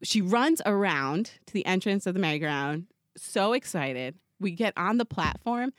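A woman's voice: on the low side, animated, moderate pace, dry recording, studio quality. A woman in her thirties, a mom, casually telling a story on a podcast, swearing, laughing often and acting out her toddler's lines.

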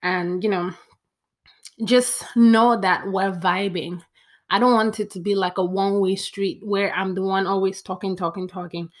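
A woman's voice: medium pitch, fairly even intonation, moderate pace. A young woman, chatting playfully to camera as she counts off a list. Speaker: vlogger. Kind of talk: casual talk to camera.

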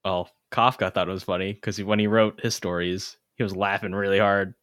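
A man co-hosting a casual book discussion podcast, low-key and laid-back in his delivery. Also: level tone, fairly quick, fairly bright tone, smooth, dry recording, studio quality. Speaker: podcast co-host.

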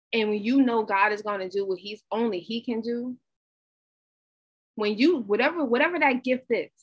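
Lady w a high voice doing a pep talk, chatty and lively, repeats stuff for emphasis. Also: dull audio. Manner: conversational, animated, repetitive. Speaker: motivational speaker. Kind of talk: inspirational talk.

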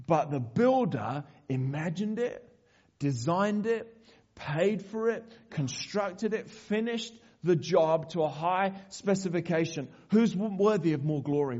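A man preaching a sermon as a pastor, conversational and animated, with frequent asides and repetitions. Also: on the high side, lo-fi sound.

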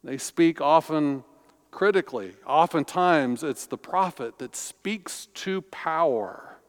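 Pastor, male, slightly high voice, unhurried sermon delivery, big echoing church. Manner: slow, deliberate preaching with emphatic pauses. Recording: long reverb of a large hall.

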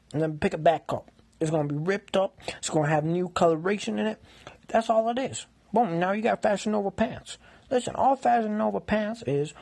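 A man's voice: on the high side, gravelly, darkish tone, husky. A man doing a crude, profane comedy rant as a podcaster, recorded on a phone held in hand. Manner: crude, ranting, swears constantly.

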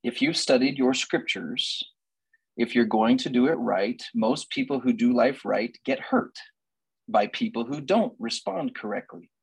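Male relationship counselor, husky, dry close sound, emphatic lecturer who repeats and questions. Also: medium pitch, animated, a little slow, no echo, poor audio. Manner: emphatic, asks many rhetorical questions; repeats key lines for emphasis. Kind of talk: faith-based relationship lecture.

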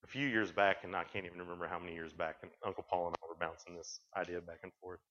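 A man's voice: sits low, steady tone, very fast, bright, forceful tone. A man giving a chatty storytelling sermon to youth, acting out bits of dialogue as he goes. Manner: folksy, chatty, acts out dialogue in quotes. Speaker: youth speaker. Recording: dull lo-fi recording.

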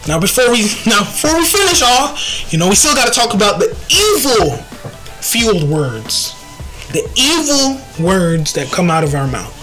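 A woman hosting a faith podcast, speaking earnestly and reflectively, quoting scripture and pausing to think aloud. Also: medium pitch, sing-song, a bit bright, soft background music, poor audio. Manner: earnest and reflective, quotes scripture, slow deliberate delivery. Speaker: podcast host.

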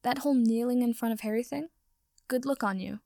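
A woman's voice: a little high, a little fast, vocal fry, dark tone, no echo, clean studio sound. A woman reading as a teasing young wizard. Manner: teasing, amused. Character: teasing good-natured young male wizard.

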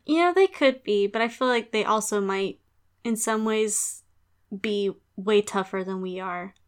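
A woman's voice: mid-range voice, measured pace, smooth. A woman hosting a podcast in casual chat, laughing often and rambling playfully. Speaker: podcast host.

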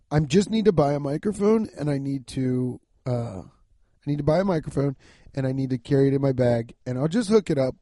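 A young man hosting a casual solo podcast, rambling loudly and profanely while lying down and yawning. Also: a little high, dry recording, studio quality. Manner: loud, rambling, profane, laughing at his own jokes. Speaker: podcast host.

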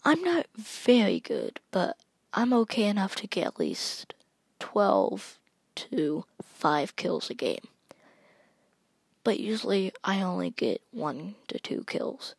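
Slow, gravelly-voiced woman telling a spooky story. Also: medium pitch, huge pitch swings, dry recording. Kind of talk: spooky first-person story narration.

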